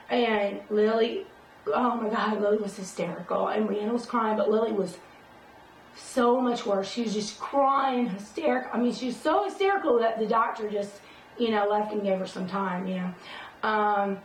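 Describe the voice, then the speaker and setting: Recorded from a distance, this vlogger's voice sits on the high side, giving a roomy sound with faint noise. She rambles through a personal story in a casual vlog, full of fillers and restarts.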